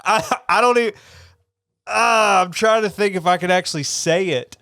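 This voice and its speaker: A man's voice: high voice, normal speed, sharp tone, no room sound, studio quality. A man from Northeast Georgia, co-hosting a podcast and telling stories with frequent laughs and stumbles. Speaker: podcast co-host. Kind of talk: casual chat.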